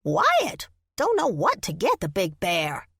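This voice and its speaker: A woman voicing an excitable tiny male talking squirrel who squeaks and chirps. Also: slow pace, creaky, breathy edge, no echo, studio quality, full character voice. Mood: excited.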